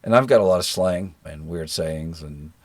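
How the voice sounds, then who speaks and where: A middle-aged man with a generic American accent, a guest in a relaxed interview, telling stories in an easygoing, self-deprecating way. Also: deep voice, moderate pace, no echo. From rural Georgia, American South. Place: living in New Zealand.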